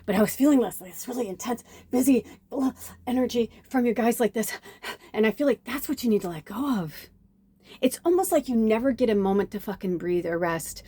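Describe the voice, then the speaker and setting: A woman talks through a casual spiritual card reading in a mellow, relaxed voice. She rambles warmly between asides and fillers. She acts out little bits of dialogue along the way. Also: a little high, brisk, slightly rough, no room sound. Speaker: tarot reader. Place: home near busy traffic.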